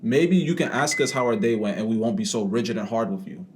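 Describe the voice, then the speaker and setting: A young man co-hosting a podcast in casual chat, blunt and profane, talking with animated emphasis. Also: on the low side, quick pace, a little hiss or hum. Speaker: podcast co-host.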